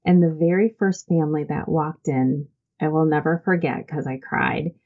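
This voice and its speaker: Low-voiced earnest woman telling stories. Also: moderate pace, phone-quality sound. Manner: earnest and heartfelt, many "um"s and restarts. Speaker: interview guest, church volunteer program founder. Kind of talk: conversational interview storytelling.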